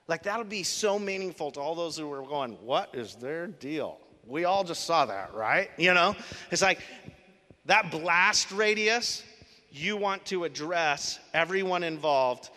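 Male pastor, emphatic sermon delivery, bright tone, long hall reverb. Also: a little high. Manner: animated, emphatic teaching with rhetorical questions.

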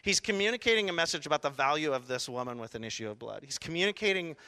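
A male pastor with a high, bright, forceful voice delivers an animated sermon. He acts out the scene, jumping from sudden shouts to hushed asides. His voice rings with the long reverb of a large hall. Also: fast talker, clear, resonant tone.

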